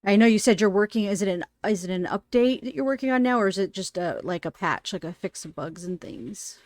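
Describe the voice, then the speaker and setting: A woman's voice: mid-range voice, animated, fairly quick, a little mellow, dry recording. A woman hosting a podcast interview, chatting in a rambling way and laughing often. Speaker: podcast host. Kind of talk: casual interview chat.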